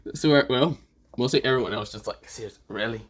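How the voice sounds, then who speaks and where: A man's voice: mid-range voice, fast talker. A man rambling through an improvised fan-fiction retelling, full of fillers and restarts as he goes. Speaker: fan story narrator.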